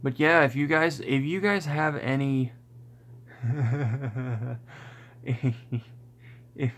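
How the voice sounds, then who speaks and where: A man's voice: medium pitch, very slow, fairly bright tone, a little hiss or hum. A man hosting a casual livestream, rambling and restarting his sentences, often close to laughing. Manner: rambling, self-interrupting, often breaking into laughter. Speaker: YouTube channel host on a livestream.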